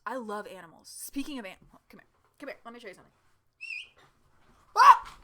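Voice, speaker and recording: A woman vlogging from home in a casual, chatty storytelling style, with lots of fillers and laughs along the way. Her voice is bright and forward. She talks straight into her camera from a chair. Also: sits high. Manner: chatty, animated, laughs often, many fillers.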